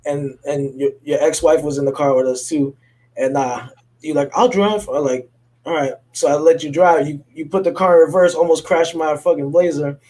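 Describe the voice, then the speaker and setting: A middle-aged man co-hosts a wrestling podcast, his voice sitting a little high for a man. He chats in a relaxed way and jumps in with his own anecdotes. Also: normal speed, slight background noise. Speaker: podcast co-host, pro wrestler. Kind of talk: casual chat.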